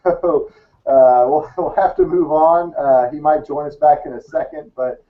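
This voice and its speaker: A man hosts a casual sports panel over an online call, asking long winding questions and laughing often. His voice sits a little high, and the call audio sounds muffled and dull. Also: steady tone, unhurried. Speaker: talk show host.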